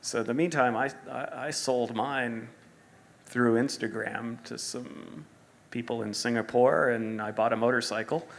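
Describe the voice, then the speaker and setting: A middle-aged man, a sneaker designer as guest, telling animated stories at a live store interview and acting out quotes. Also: medium pitch, a little slow, creaky, a little hiss or hum. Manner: animated storyteller, acts out quotes, laughs often. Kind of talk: live stage interview storytelling.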